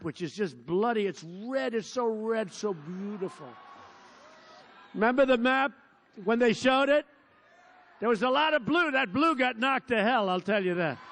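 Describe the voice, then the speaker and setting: Boastful older man giving a rally speech. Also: sits high. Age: 70s. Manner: boastful, rambling, punchy repetition. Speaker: president-elect at a rally. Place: large indoor rally venue.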